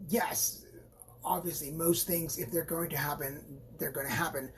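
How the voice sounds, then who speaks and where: Casual live-stream tarot reader, mid-pitched, rambling and encouraging, with playful asides. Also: steady tone, normal speed, a little hiss or hum. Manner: chatty and rambling, with frequent restarts and playful asides; encouraging and reassuring toward viewers.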